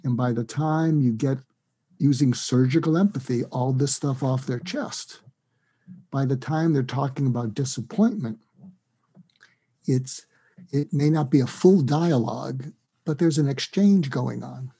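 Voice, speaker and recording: Husky, mellow-voiced man explaining. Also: mid-range voice, unhurried. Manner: animated, acts out sample dialogue with shifting tone. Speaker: psychiatrist and guest expert. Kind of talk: interview, explaining a technique.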